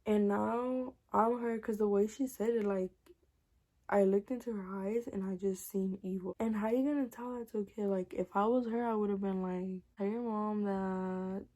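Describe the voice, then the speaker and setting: Young woman, casual storytime vlog, mellow warm tone, cussing, acting out dialogue. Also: medium pitch, normal speed. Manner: animated, profane, acts out dialogue.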